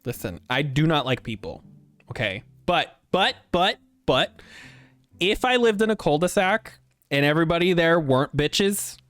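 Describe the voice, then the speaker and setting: A man's voice: medium pitch, a bit bright, smooth, no echo. A man streaming a game, profane and rambling in casual commentary.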